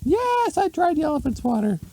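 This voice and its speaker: A man voicing an exasperated housewife who can't get rid of an elephant, in shrill, frantic squeals. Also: sing-song, brisk, creaky, mellow, dry recording, heavily acted, low-quality recording. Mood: dismayed.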